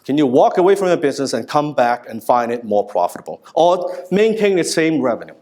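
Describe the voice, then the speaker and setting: A man in his thirties giving a live business seminar, telling stories in an animated, casual way with frequent asides and some swearing. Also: mid-range voice, brisk. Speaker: business speaker. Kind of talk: live seminar talk to an audience.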